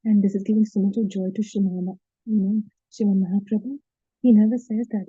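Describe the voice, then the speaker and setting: A woman's voice: medium pitch, fairly even intonation, fast, mellow, breathy edge, no echo, lo-fi sound. A woman giving an earnest devotional talk, retelling scripture stories with many fillers and restarts. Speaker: devotional speaker.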